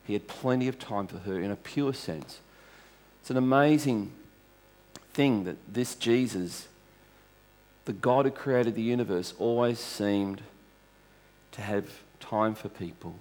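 A man's voice: lowish voice, measured pace, pauses often, darkish tone. A male pastor preaching a sermon to a congregation in a conversational, storytelling way, restarting phrases as he goes.

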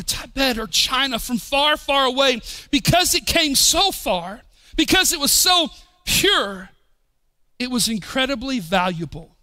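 A man preaching a sermon as pastor, swinging from shouted emphasis to low, quiet drops. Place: church.

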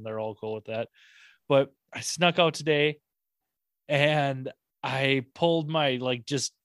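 A man's voice: mid-range voice, no echo, clean studio sound. A young man hosting a podcast, talking in a casual, rambling and enthusiastic way, swearing often. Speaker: podcast host. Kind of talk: casual chat.

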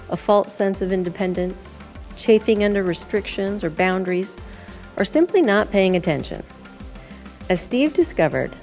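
A woman's voice: lowish voice, a little mellow. A woman giving a scripted devotional reflection in an earnest, explanatory way. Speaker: devotional narrator.

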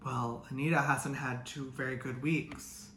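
A man's voice: medium pitch, steady tone, unhurried, pushed and bright. A man co-hosting a podcast in casual chat, blunt and gossipy. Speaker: podcast co-host. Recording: echoey room with faint noise.

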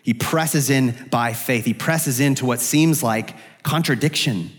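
A man's voice: measured pace, soft background music. Earnest male preacher in a reverberant hall. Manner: earnest, rises in pitch when voicing the prophet's prayers. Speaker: pastor. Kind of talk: expository sermon. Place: church sanctuary.

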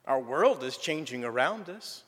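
A middle-aged man, telling a folksy church testimony with gentle humor. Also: mid-range voice, very animated, measured pace, breathy edge. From southern United States. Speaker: church member giving a testimony. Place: church sanctuary. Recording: reverberant church sanctuary.

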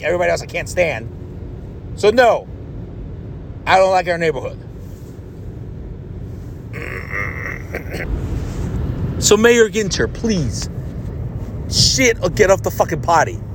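A man's voice: high voice, slight background noise. A man hosting a podcast, delivering a blunt, profane, exasperated rant. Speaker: podcast host. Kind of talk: ranting podcast monologue.

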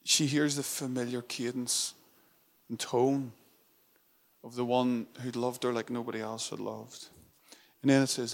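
Earnest male preacher with soft hushes. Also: mid-range voice, vocal fry. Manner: earnest and intimate, dropping to a soft hush on tender moments; repeats phrases for emphasis. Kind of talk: sermon.

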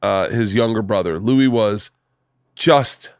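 Brief: male podcast host, animated and profane storyteller, dry mic. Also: fairly low pitch, slow, clear, resonant tone, no room sound. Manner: animated storyteller who swears freely. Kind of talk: casual storytelling chat.

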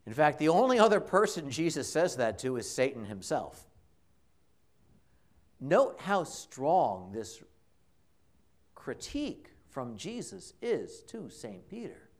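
A man preaching a homily in a church, telling the story conversationally and dramatically, with emphatic repetition. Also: medium pitch. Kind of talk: sermon. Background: congregation.

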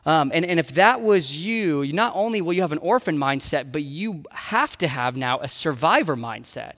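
A pastor giving a sermon in an earnest way, acting out arguments between spouses. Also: male voice, a little high, animated, moderate pace, fairly bright tone, big-room sound. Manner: earnest, acts out quarrels in voices. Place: church sanctuary.

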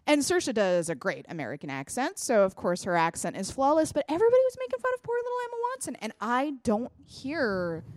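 An animated woman co-hosting a podcast, her pitch leaping around as she gives her opinions in casual chat. She swears now and then. The sound is dry and close to the mic. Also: fairly quick, few pauses, no room sound. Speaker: podcast co-host.

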